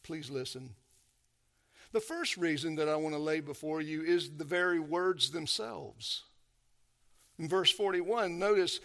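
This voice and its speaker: Bright-voiced man preaching slowly. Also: on the high side. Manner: emphatic, swings from hushed to loud and urgent; addresses listeners as beloved. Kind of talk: sermon.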